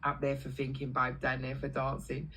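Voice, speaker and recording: A woman's voice: extremely low pitch, completely flat delivery, normal speed, fairly bright tone, slightly rough, rough recording. A middle-aged woman hosting a livestream, telling brash, foul-mouthed stories about her past and acting out the voices of people in them. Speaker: livestream host. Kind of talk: casual storytelling on a livestream.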